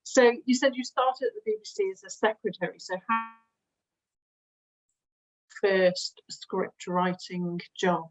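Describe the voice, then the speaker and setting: A woman's voice: medium pitch, slow, long pauses, faint music behind. A woman interviewer asking questions and giving short, encouraging replies. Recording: dull, distant sound.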